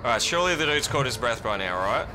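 A man streaming a horror game live, swearing a lot and yelling in panic between muttered asides. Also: mid-range voice, expressive, quick pace, background noise. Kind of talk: live horror gameplay commentary. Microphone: streaming mic.

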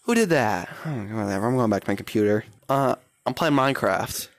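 A young man giving playful, excitable commentary while playing a VR game, often shouting and exclaiming. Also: mid-range voice, brisk. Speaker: gaming YouTuber.

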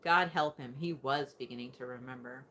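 A woman's voice: a bass voice, normal speed, pushed and bright, a little hiss or hum. A woman reading a science fiction short story aloud, putting on voices for the characters. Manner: acts out several voices in the dialogue. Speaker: audiobook reader. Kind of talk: scripted narration of a short story.

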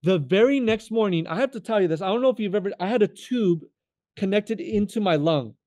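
A young man from California telling his faith testimony as an interview guest, animated and acting out the voices of the people in his story. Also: high-pitched, brisk, no echo, clean studio sound. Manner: animated, acts out quoted voices, addresses the host by name often.

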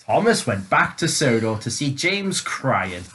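A man's voice: mid-range voice, very animated, measured pace, bright, forceful tone. A young man from England narrating an improvised comedy parody, often breaking into laughter. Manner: giggly, keeps breaking into laughter.

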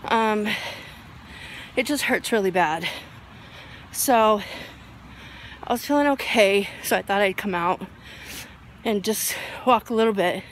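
A woman's voice: mid-range voice, slow pace, pauses often, a little hiss or hum. A woman in her forties chatting casually to camera as a vlogger, rambling with lots of ums. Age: 40s.

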